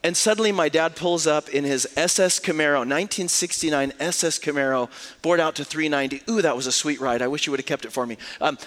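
A male pastor delivers a sermon as an expressive storyteller. His voice sits a little high, and he swings from hushed, intimate passages to lively, animated stretches. A long hall reverb trails after every phrase.

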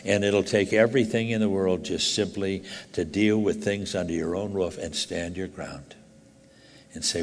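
A man's voice: deep voice, a little hiss or hum. Older male preacher in a reverberant hall. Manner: animated storytelling with halting restarts, dropping to quiet intensity. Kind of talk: sermon.

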